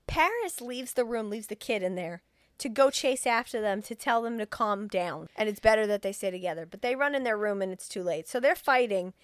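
A woman's voice: mid-range voice, expressive, a little fast, no echo, clean studio sound. A woman co-hosting a podcast, casually retelling a film's plot with lots of swearing and acting out the characters' lines. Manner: profane, acts out the characters' lines. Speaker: podcast co-host explaining a film.

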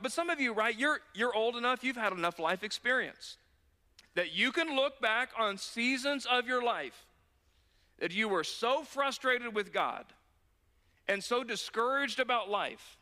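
A man's voice: very high-pitched, lively intonation, normal speed, bright, forceful tone, big-room sound. A male pastor preaching a sermon in an earnest, conversational storytelling manner.

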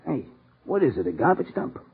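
An excitable, slangy news photographer. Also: male voice, mid-range voice, brisk. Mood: excited. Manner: eager, slangy and pestering. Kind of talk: 1940s radio acting. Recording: tinny, noisy old radio broadcast.

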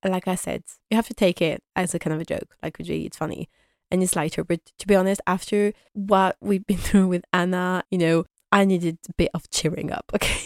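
Young woman gushing about a show episode, laughy, lotsa "like", lowish voice, dry sound. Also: steady tone, fairly quick, no room sound. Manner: chatty and enthusiastic, laughs often, many "like" fillers. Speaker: fan reviewer of a TV series. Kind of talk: casual episode recap.

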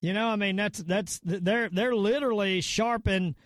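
Heard in clean studio sound with no room echo, a middle-aged podcast host with a Southern accent from the Virginia–North Carolina region rants casually before signing off. His voice is high and a bit bright, at a normal speed. He rambles emphatically and keeps repeating words.

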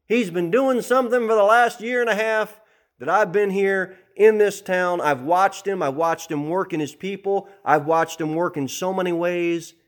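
A middle-aged man preaching a verse-by-verse sermon as pastor, animated and acting out the people in his stories. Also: high-pitched, normal speed.

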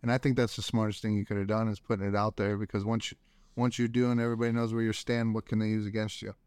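A man's voice: lowish voice, little pitch movement, fast talker, a little mellow, clear, resonant tone, no echo. A man hosting a podcast in a laid-back, affirming way, with casual swearing. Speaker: podcast host.

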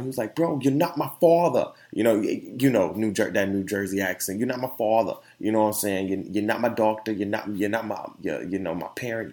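Lively, slangy male podcast host. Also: sits low. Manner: animated storytelling with loose slang and laughs. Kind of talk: casual opinion monologue.

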